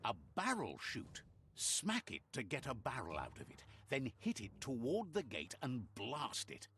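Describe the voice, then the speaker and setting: An actor voicing a calm game narrator who tells the hero's tale in a scripted storybook manner, with a playful relish for sound words. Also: male voice, mid-range voice, measured pace, a little hiss or hum, full character voice. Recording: faint game music behind.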